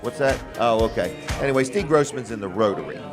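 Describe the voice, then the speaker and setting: A man hosting a local radio show, pitching sponsorships in a folksy, joking patter. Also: lively intonation, fast, music in the background. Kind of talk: casual radio talk and sales pitch.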